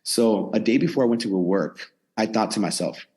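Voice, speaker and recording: A man's voice: on the low side, fairly quick, husky. A man in his twenties, a personal trainer, candidly telling his story in a casual podcast interview, recorded in his gym. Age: 20s. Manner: candid, energetic, lively retelling with inner dialogue. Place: his own gym in a converted storage unit.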